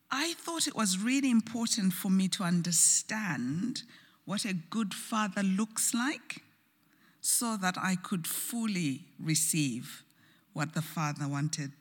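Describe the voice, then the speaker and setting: A woman preaching a sermon, telling a story slowly and earnestly with soft, hushed moments, recorded in a church. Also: mid-range voice. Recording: church hall with long reverb.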